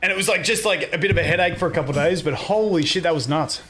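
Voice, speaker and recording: A man's voice: fairly high pitch, racing, a bit bright. A young man streaming, chatting casually with viewers and telling rambling stories full of swearing. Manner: swears a lot, rambling storytelling with restarts. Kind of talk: casual live-stream chat.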